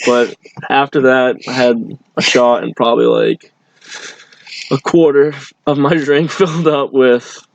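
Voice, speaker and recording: A man's voice: mid-range voice, fairly even intonation, measured pace, creaky, long pauses, lo-fi sound, a little hiss or hum. A young man from telling a rambling bar story in casual chat, full of fillers and restarts. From Boston area. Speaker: guest.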